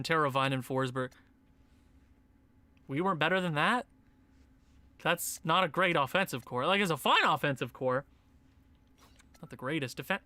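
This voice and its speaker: Young male gaming commentator, excitable, bright lively voice, dry close mic. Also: high voice, no echo. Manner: excitable, swings from muttering to shouting. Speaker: gaming YouTuber. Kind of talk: casual game commentary.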